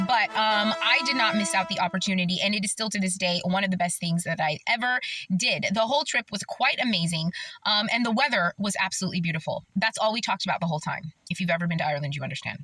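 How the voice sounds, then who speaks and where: A woman's voice: medium pitch, animated, fast, low-quality recording. A woman from Las Vegas talking to camera in an earnest, emphatic, chatty way. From Las Vegas, Nevada, USA. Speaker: vlogger. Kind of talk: casual talk to camera.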